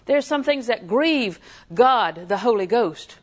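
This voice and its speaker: A woman's voice: mid-range voice, lively intonation, a little slow, few pauses. A woman preaching a sermon in a folksy, emphatic way, often putting questions to her listeners.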